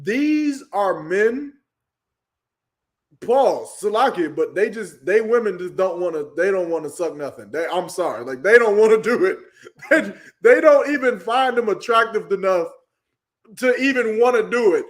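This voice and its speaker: A man's voice: high voice, lively intonation, normal speed. A man co-hosting a podcast, talking casually and incredulously with slang and laughter. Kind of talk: casual chat.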